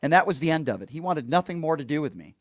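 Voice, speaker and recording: A middle-aged man talking blunt and indignant as he tells a story, voicing the people he quotes along the way. His voice sits a bit high for a man. The recording is close and dry, with no room sound. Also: very animated, quick pace, dry recording. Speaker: host. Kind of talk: casual monologue recounting a story.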